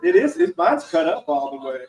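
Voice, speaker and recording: A man's voice: fairly high pitch, huge pitch swings, fairly quick, a little mellow, far from the mic. A man hosting a casual panel chat and pulling up clips as he talks. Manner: chatty, works the screen while talking. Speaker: panel host. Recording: roomy sound, away from the mic.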